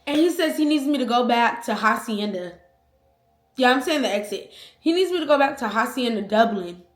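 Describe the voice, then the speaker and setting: A young woman vlogger telling a personal story in a casual, slangy, animated way, acting out the quotes. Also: on the high side, normal speed. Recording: echoey room.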